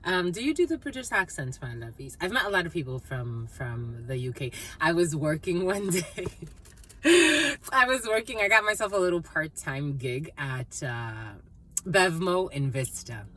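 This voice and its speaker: A woman doing a casual, rambling intuitive reading, playful and quick to laugh. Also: low voice, big pitch swings, a bit bright. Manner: rambling, playful, laughs often, terms of endearment. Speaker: psychic tarot reader.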